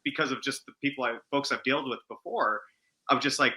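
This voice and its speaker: A man being interviewed on a podcast, speaking in a halting, hesitant way. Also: medium pitch, bright, forceful tone, poor audio. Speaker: interview guest. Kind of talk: casual interview chat.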